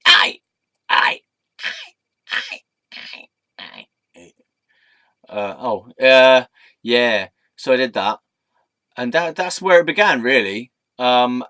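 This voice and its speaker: A man's voice: mid-range voice, fairly bright tone, no room sound, clean studio sound. A young man telling rambling, silly stories to his camera, giggling often and slipping into put-on voices. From England. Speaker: vlogger. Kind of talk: rambling casual vlog storytelling.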